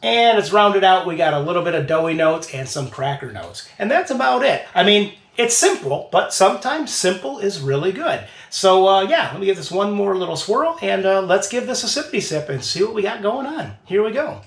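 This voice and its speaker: A man hosting a casual beer tasting review, talking in a playful, drawn-out way as he sips and describes flavors. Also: sits high, big pitch swings, reverberant.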